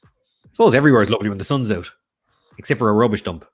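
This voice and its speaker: A man's voice: on the low side, lively intonation, racing, husky, faint music behind. A man hosting an online quiz, chatting casually and rambling between jokes. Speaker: quiz host. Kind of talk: casual livestream chat.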